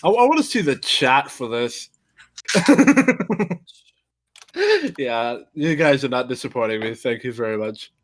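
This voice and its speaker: A young man riffing casually on a video with a co-host, excitable and swearing, repeating words as he goes. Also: mid-range voice, a little slow, pauses often.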